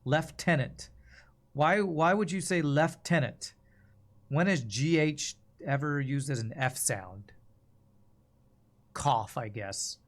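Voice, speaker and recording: A man's voice: medium pitch, slow. American man musing through a game. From United States. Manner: thinking aloud, rambling and musing. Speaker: streamer playing a video game. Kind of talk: casual gameplay commentary.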